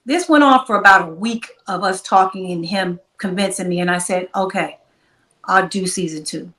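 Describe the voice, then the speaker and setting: A woman's voice: medium pitch, normal speed, reverberant, far from the mic, rough recording. A woman guest telling a long story in an interview, acting out the back-and-forth of quoted dialogue. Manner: animated, acts out quoted dialogue.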